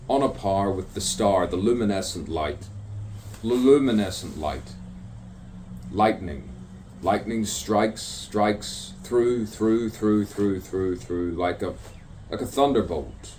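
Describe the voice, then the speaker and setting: A man's voice: deep voice, a little slow, darkish tone. A man speaking an improvised stream-of-consciousness monologue outdoors, rambling through rhyming wordplay and repeating words over and over. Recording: distant mic with faint background noise.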